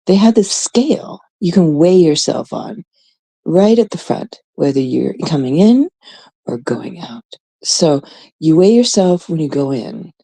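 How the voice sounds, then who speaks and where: A woman's voice: low-pitched, very animated, unhurried, vocal fry, warm tone, breathy edge, poor audio. A woman in her thirties, a host from Canada, telling a rambling, casual story full of swearing and quoted voices. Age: 30s.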